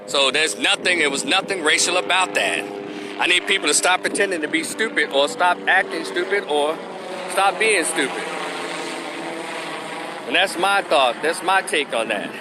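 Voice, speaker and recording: A man's voice: a little high, normal speed, noisy background. A man ranting into the camera with his opinions, blunt, profane and mocking. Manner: blunt, profane and mocking, mimics people in exaggerated voices. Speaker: commentary vlogger.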